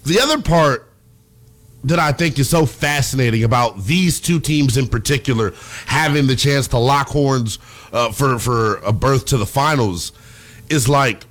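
A man hosting a sports talk show, chatting in an animated, excitable way about the playoffs. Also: medium pitch, unhurried.

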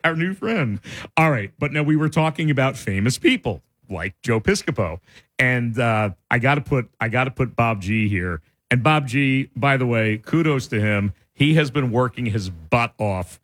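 A man's voice: medium pitch, moderate pace. A man co-hosting a radio show, telling stories in casual banter and often breaking into laughter. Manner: laughing storyteller, animated. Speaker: radio co-host. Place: radio studio.

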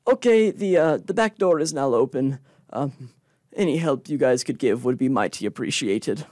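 A man's voice: mid-range voice, lively intonation, normal speed, a little mellow, no room sound, natural voice. A man voicing a fretful old male kobold who runs a hat shop, whining and sighing in a dry, close tabletop game recording. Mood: grateful. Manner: whiny, weepy, frets and sighs.

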